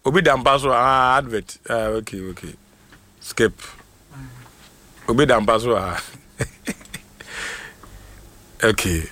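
A man hosting a casual livestream, reading out viewers' names in a lively mix of Twi and English and laughing often. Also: mid-range voice, slow, pauses often. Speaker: livestream host. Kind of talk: casual live shout-outs.

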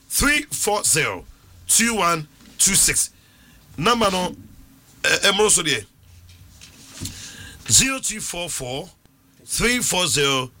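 Bright-voiced radio host. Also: male voice, high voice. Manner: brisk, directive, repeats the call-in number. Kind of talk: phone-in talk radio hosting.

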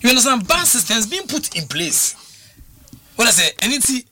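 A man's voice: very high voice, very animated, normal speed, pushed and bright, a little hiss or hum. A man talking football as a pundit, emphatic and full of restarts and repeated words. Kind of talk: animated radio sports talk.

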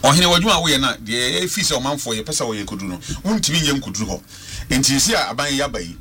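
A man's voice: medium pitch, sing-song, fast, noisy background. A man with a Ghanaian accent calling in to a radio talk show, speaking with passion and repeating words for stress. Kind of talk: passionate radio call-in commentary.

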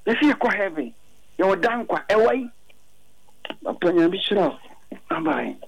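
A man's voice: high voice, very animated, unhurried, gravelly, breathy edge. A Ghanaian man calling a radio show and preaching fervently, repeating his points. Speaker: caller. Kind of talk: preaching on a phone-in. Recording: muffled phone line.

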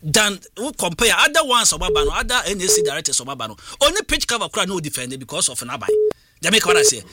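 A man's voice: high-pitched, very animated, fast talker, bright, forceful tone, dry recording. A man with a Ghanaian accent hosting a call-in sports radio show, switching between languages as he talks.

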